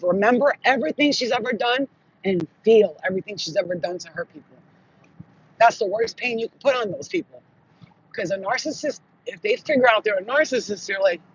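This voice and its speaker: A man telling spiritual stories in casual monologue, profane and animated, acting out what people said. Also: sits high, dull audio, slight background noise. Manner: profane, animated, acts out quotes. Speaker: spiritual channel host.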